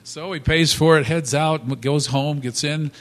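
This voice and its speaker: A man telling a motivational story in a halting, animated way, with many restarts. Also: fairly high pitch. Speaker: speaker. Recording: long hall reverb.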